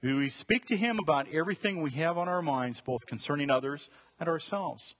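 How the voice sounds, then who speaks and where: A middle-aged man preaching a sermon in a church, animated and joking, swinging between loud bursts and quiet prayerful lines. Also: fairly high pitch, moderate pace. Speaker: pastor. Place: church sanctuary.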